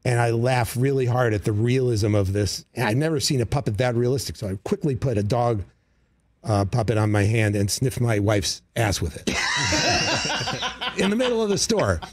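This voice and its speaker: A man, a comedy writer and guest, telling stories casually in a radio studio, animated, with quick asides and acted-out quotes. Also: medium pitch, a little hiss or hum. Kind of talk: casual interview storytelling.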